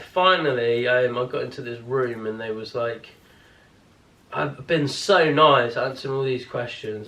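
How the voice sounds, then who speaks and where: A man's voice: medium pitch, a bit bright. A man spins a long, rambling tale in a casual family vlog, swearing freely and tripping over his restarts. His voice sits in a middle register and carries the echo of a room. He sounds a few steps back from the mic. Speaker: family vlogger. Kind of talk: casual storytime chat. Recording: roomy, distant-mic home recording.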